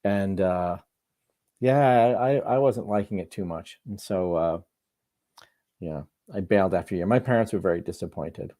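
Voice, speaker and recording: A man being interviewed as a guest author, answering in a relaxed, self-deprecating way. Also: low-pitched, normal speed. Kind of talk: conversational interview.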